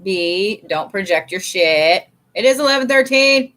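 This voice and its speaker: A woman's voice: medium pitch, lively intonation, a little slow, fairly bright tone. A woman giving a casual live card reading, blunt and chatty, swearing freely and calling her viewers y'all. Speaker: tarot and oracle card reader.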